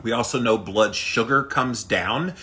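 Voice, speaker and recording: Sitting in an outdoor ice bath, a health vlogger talks casually to camera, upbeat and chatty, tossing rhetorical questions at his viewers. His mid-range voice is unhurried, pushed and bright, and the audio quality is poor.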